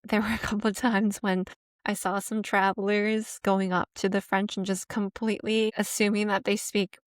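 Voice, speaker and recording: A young woman from the United States speaks in a smooth, clear voice, soft-spoken and easygoing, with a light laugh now and then. She talks through her reflections at a relaxed conversational pace. The sound is close and dry, with no room echo. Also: mid-range voice, normal speed. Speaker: vlogger. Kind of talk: casual reflective monologue. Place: apartment room.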